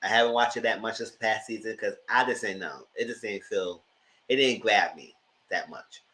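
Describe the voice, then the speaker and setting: A man hosting a live TV review, giving sassy, animated commentary straight to his viewers. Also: fairly low pitch, normal speed, poor audio. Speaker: TV review host.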